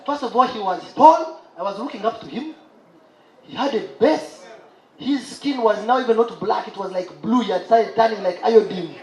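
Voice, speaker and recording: A man doing a lively stand-up set, telling a story and bursting into exclamations. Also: sits high, normal speed. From Uganda. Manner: animated storyteller, exclaims and imitates laughter. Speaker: stand-up comedian. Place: live comedy show stage. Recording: roomy live venue with audience.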